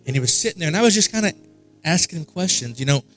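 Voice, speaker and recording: A man preaching at a worship night, his voice sitting a little high. He tells his story casually and circles back on his phrases for emphasis. Quiet music plays softly under him. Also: expressive, very fast. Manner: conversational storytelling with repetitions. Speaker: pastor. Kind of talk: sermon. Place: church service.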